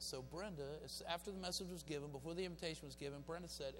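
Man, pulpit preacher, high-ish voice, fiery to folksy, long church reverb. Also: fast talker, few pauses. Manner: impassioned, swings between shouted exhortation and quiet storytelling. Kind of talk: sermon. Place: church sanctuary. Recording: reverberant church hall with faint music.

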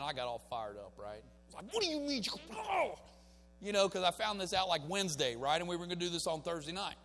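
A fervent preacher with a fairly high voice, alternating between loud, rising exhortations and hushed, conversational stories. His voice carries through a church hall with a long echo, with soft music playing underneath. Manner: impassioned, swings between shouted exhortation and quiet storytelling. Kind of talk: sermon. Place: church sanctuary.

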